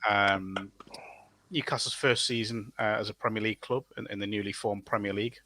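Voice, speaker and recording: A man with a somewhat low voice and a bright, forward tone talks as a guest on a casual podcast. He is thoughtful and unhurried, pausing on ums and uhs and restarting his phrases as he recalls the past. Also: fairly even intonation, no echo. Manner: thoughtful, with frequent fillers and restarts.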